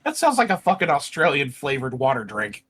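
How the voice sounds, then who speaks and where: A man's voice: medium pitch, wildly swooping pitch, a little fast, fairly bright tone, husky. A man co-hosting a casual podcast, trading crude wisecracks with his friend. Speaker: podcast co-host. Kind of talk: casual chat.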